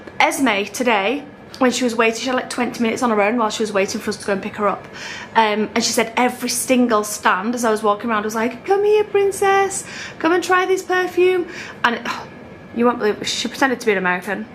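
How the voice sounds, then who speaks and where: A woman's voice: fairly even intonation, fast, fairly bright tone, a little hiss or hum. A woman in her thirties chatting casually at home as a family vlogger, gushing and chatty. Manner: chatty, gushing, talks to her toddler in a high voice. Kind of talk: casual chat. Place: home bedroom.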